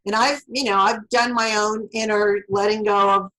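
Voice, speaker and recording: A woman author guest explains relationship advice in a relaxed interview. She builds her points through everyday scenes and sometimes slips into the voices of the people in them. Her voice sits at an ordinary middle pitch. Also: moderate pace, rough recording. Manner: explains through worked examples, acts out spoken lines.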